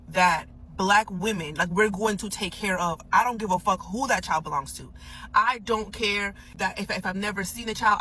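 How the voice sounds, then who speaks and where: A woman talking in a parked car, telling a story in an animated, incredulous way and swearing freely. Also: medium pitch, a little hiss or hum, poor audio. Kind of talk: casual storytime vlog.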